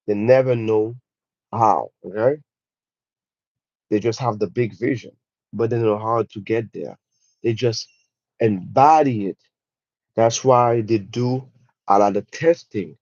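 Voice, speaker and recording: A man's voice: lowish voice, measured pace, darkish tone, no echo. A man with a French accent hosting a motivational livestream, speaking emphatically and repeating himself, often calling his viewers "guys.". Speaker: livestream host. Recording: dull dry lo-fi sound.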